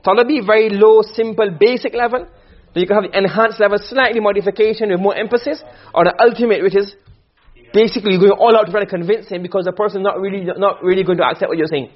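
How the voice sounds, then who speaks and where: Husky high-voiced man teaching a class. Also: steady tone, fast talker. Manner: explains step by step, checks understanding often; acts out short quoted exchanges. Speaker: Arabic rhetoric teacher. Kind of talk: classroom lecture. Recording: dull lo-fi classroom recording.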